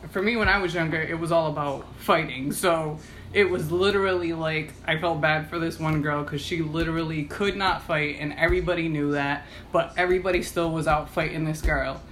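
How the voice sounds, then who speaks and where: A woman's voice: sits low, steady tone, brisk, a bit bright, slight background noise. A woman co-hosting a casual podcast discussion, telling stories in a rambling way full of fillers. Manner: rambling, filler-heavy storytelling. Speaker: podcast co-host.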